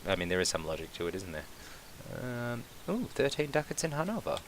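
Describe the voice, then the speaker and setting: A man's voice: medium pitch, sing-song, a little fast, a little hiss or hum. A man commentating his own strategy game, thinking aloud, swearing casually and bursting into cheers when things go his way. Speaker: gameplay commentator. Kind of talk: casual let's-play commentary.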